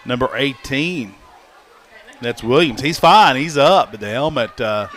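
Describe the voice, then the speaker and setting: A man's voice: medium pitch, unhurried, some chatter behind. Easygoing football color commentator man. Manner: relaxed, reads stats, easygoing. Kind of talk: high school football commentary.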